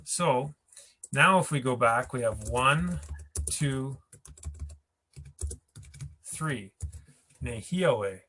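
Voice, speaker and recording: A man's voice: mid-range voice, drawn-out words, pauses often, pushed and bright, a little hiss or hum. A man teaching a language class, patient and chatty, thinking aloud as he explains and writes examples. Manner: patient, laughs easily, thinks aloud mid-sentence. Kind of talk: explaining grammar at a whiteboard.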